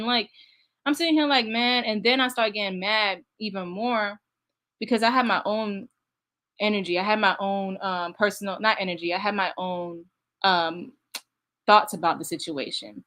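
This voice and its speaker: A woman's voice: medium pitch, moderate pace, a bit bright. Young woman, candid reaction commentary, addresses the viewers directly, laughs easily.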